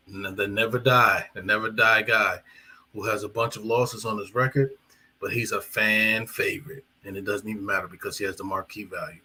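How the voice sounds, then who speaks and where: A man's voice: lowish voice, bright, forceful tone, a little hiss or hum, poor audio. A man hosting a live boxing talk stream, chatting in a rambling way with fillers and self-corrections. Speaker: boxing commentator and channel host. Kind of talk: casual live-stream commentary.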